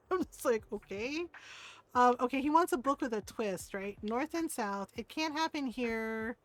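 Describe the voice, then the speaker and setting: A middle-aged woman streamer telling a story in casual chat as she plays a game, animated and laughing often. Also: on the high side, moderate pace.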